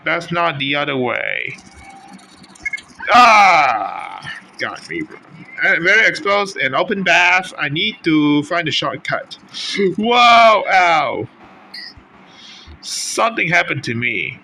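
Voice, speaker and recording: A man doing let's-play commentary as a gaming YouTuber, excitable, swearing and yelping at enemies. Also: a little high, a little slow, a little hiss or hum.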